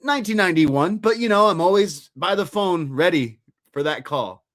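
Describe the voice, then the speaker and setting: A man mimicking an aggrieved older ex-wrestler who complains in a high, whiny voice. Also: lively intonation, moderate pace, fairly bright tone. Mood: boastful. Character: aggrieved older male ex-wrestler, sulky, indignant.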